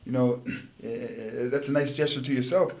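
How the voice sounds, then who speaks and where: A man's voice: mid-range voice, fairly even intonation, brisk, darkish tone. A middle-aged man, a former pro football player, telling stories as an interview guest, rambling and restarting his words. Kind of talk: casual interview storytelling. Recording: roomy echo.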